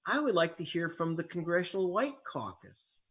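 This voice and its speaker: A man's voice: high-pitched, animated, moderate pace, fairly bright tone, breathy edge. A man, an investigative reporter and author, being interviewed as a guest, talking in a wry storytelling way with sarcastic jabs. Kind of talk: interview conversation.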